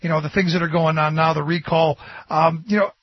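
A man's voice: on the high side, little pitch movement, fairly quick, breathy edge. A man hosting a radio interview, talking in a conversational, agreeable way with casual asides. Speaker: radio host. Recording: dull, dry lo-fi radio sound.

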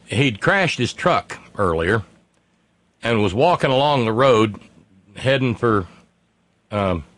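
A man with a medium-pitched voice, lively intonation, and a slightly bright tone speaks slowly as a talk show co-host. He relays a news story with heavy sarcasm and mocking asides in sardonic political banter.

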